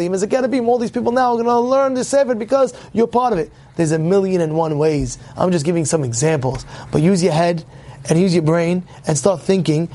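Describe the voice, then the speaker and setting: Brisk and high-pitched with a warm tone, this man leads a religious class for his congregation. He's emphatic, goes over points repeatedly and asks rhetorical questions.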